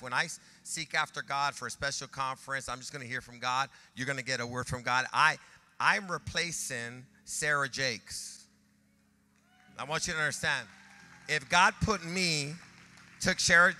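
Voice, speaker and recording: A man who is a pastor, preaching a sermon in an animated way that rises to shouts. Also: mid-range voice, long reverb tail.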